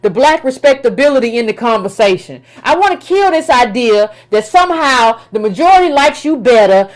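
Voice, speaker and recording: Woman, high voice, political commentator, emphatic rant, casual phrasing, rhetorical questions. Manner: emphatic, repetitive, colloquial.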